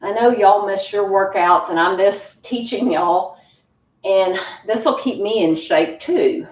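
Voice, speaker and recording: Woman fitness instructor, winded, cheerful coaching, unhurried; roomy far-off home recording. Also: mid-range voice, dull audio, slight background noise. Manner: encouraging, chatty, laughs often. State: out of breath. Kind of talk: home workout class.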